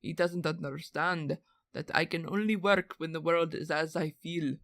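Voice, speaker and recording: A woman's voice: low voice, fairly even intonation, normal speed, fairly bright tone, dry recording. Brief: a woman doing a brooding lovesick carver, theatrical accent, dry close sound. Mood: yearning. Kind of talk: dramatic reading of a letter.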